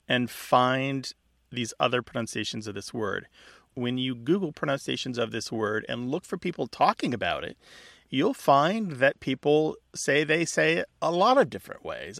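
A man's voice: medium pitch, gravelly, fairly bright tone, no room sound. A man co-hosting a radio show about language, explaining words with dry humor.

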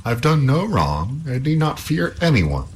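A fearless young hero insists he will not leave, his voice lifted above the teller's own low tone and full of lively rises and falls, as a male narrator plays him. Stubborn and defiant, straight out of a spoken fairy tale. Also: a little slow, breathy edge.

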